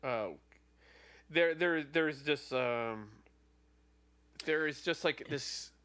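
A man's voice: on the high side, drawn-out words, fairly bright tone, clear, resonant tone. A man from Wales co-hosting a casual podcast chat in an easygoing way. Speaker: podcast co-host.

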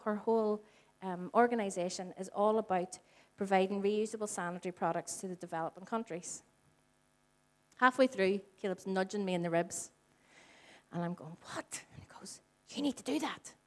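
Speaking at normal speed and medium pitch, a woman in her forties from Northern Ireland preaches to a church hall congregation in a conversational style. She's a church speaker whose storytelling is animated, and she acts out the dialogue she quotes.

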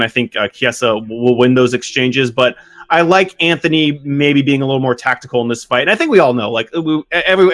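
A man's voice: medium pitch, a bit bright. A man co-hosting a casual sports chat over a video call, talking in a rambling, hesitant way with many fillers. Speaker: podcast co-host.

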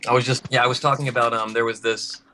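Fast, bright-voiced man chatting. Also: medium pitch, flat delivery, a little hiss or hum. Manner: rambling, laughs often, acts out quotes. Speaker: comic book writer. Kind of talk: casual podcast chat.

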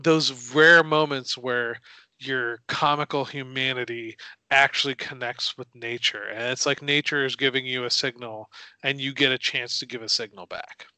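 A young man chats as a podcast co-host, musing and playfully wry. His voice is bright and smooth. The sound is dry and close. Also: mid-range voice, steady tone, moderate pace, no echo. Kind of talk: casual chat. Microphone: video call.

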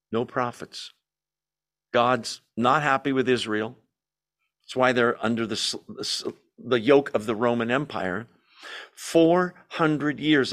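Male Bible study teacher, mid-pitched, lively, fond of rhetorical questions. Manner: animated, asks and answers his own rhetorical questions.

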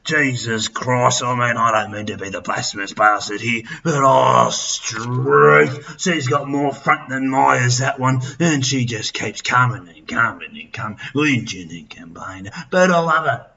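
A man's voice: mid-range voice, measured pace, vocal fry, hardly any pauses, pushed and bright, far from the mic, lo-fi sound. A man voicing a crude, boastful older Australian pub bloke with an Australian accent, rambling and swearing through comic radio banter. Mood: rowdy. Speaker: radio host. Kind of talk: comic radio character monologue.

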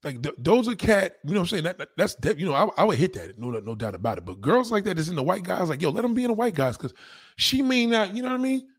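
A man's voice: high voice, sing-song, fast talker, slightly rough, dry recording. A man talking in a casual, blunt and crude rant, often repeating himself for emphasis. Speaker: monologue speaker.

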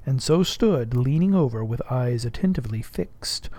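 A man reading a classic novel aloud as an audiobook, measured and at times hushed. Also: mid-range voice, animated, dry recording. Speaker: audiobook narrator. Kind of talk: literary audiobook narration.

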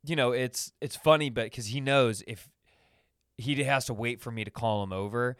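A man talks through his week on a casual solo podcast, wandering from one anecdote to the next with plenty of fillers. His voice is smooth and clear. The sound is dry and close, with no room echo. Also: medium pitch, normal speed, fairly bright tone. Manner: rambling, many fillers, acts out funny voices in anecdotes. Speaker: podcast host.

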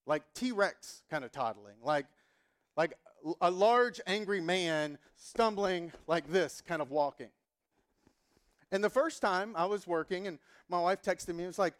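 A man's voice: sits high, normal speed. A man in his thirties, a pastor telling a humorous story in a sermon and acting out the dialogue. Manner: animated, humorous, acts out dialogue.

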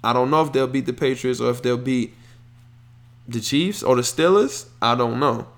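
A man hosting a podcast, giving loud, opinionated sports takes in casual slang. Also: medium pitch, normal speed. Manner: opinionated, animated rants with slang. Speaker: podcast host.

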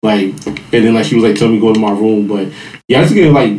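On a casual podcast, a father sitting on the panel tells a lengthy childhood tale fast, rambling, using lots of fillers and laughing throughout. His voice is on the low side and darkish, with a roomy sound and poor audio.

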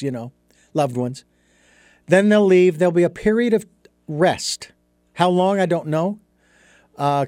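A man's voice: a little high, a little mellow, no room sound, studio quality. A man as an interview guest, telling a story and explaining his ideas in an earnest, thoughtful way. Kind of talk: reflective storytelling in conversation.

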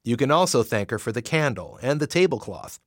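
A man voicing a steady grown man who speaks gently and reassuringly. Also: mid-range voice, brisk, no echo, clean studio sound, close to an everyday voice. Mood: gentle.

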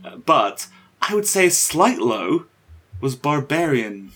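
Chill guy on a podcast, bit husky, chuckles a lot. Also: on the high side, very animated, slow pace, fairly bright tone. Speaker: podcast co-host. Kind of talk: casual chat.

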